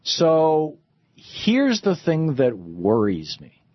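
A man's voice: fairly high pitch, wildly swooping pitch, drawn-out words, slightly rough, no echo, lo-fi sound. A middle-aged man hosting a talk radio monologue, rambling with frequent restarts and fillers. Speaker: radio host.

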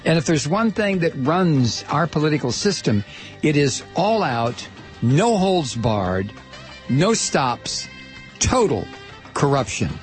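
A man's voice: fairly high pitch, very animated, slow pace, soft background music. A middle-aged man hosting political talk radio. He rants heatedly and stumbles over repeated words as he goes. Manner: heated, ranting, stammering restarts.

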